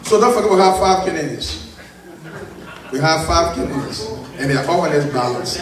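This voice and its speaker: A man's voice: on the high side, animated, normal speed, a crowd in the background. A man, firmly repeating instructions as an election commissioner at a convention meeting. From Liberia. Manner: firm, repetitive, giving instructions. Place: large convention hall. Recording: very echoey hall, far from the mic.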